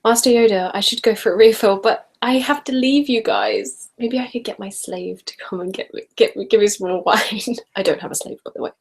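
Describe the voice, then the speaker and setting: A chatty woman, hosting a relaxed live chat for her viewers. She reads out their comments one by one and answers each, breaking into giggles as she goes. Her voice sits at an ordinary middle pitch. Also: normal speed, few pauses, husky. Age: late 20s. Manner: chatty and giggly, often laughing mid-sentence. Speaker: ASMR channel host.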